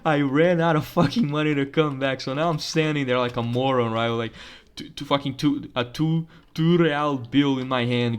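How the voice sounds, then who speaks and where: Profane ranting man. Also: mid-range voice. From Brazil. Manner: profane, ranting, laughs often. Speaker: gaming channel host. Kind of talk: casual gameplay commentary.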